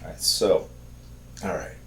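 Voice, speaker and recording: A man with an American accent casually chatting on a live stream while he draws, reading viewer comments aloud in a low-key, mumbling way. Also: unhurried, reverberant, noisy background. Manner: reads viewer comments aloud, laughs often, tries awkward German.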